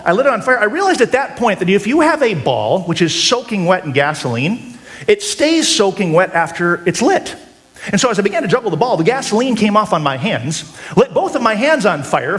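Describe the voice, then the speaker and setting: High, lively male storyteller. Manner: animated, dramatic storytelling. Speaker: juggler and inspirational speaker. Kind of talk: live storytelling to an audience. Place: large room with a high ceiling before a live audience.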